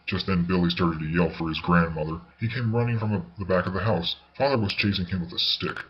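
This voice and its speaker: A man reading a ghost story aloud as narrator, in a measured, unhurried way. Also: sits low, fairly even intonation, husky. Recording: slightly dull recording with faint hiss.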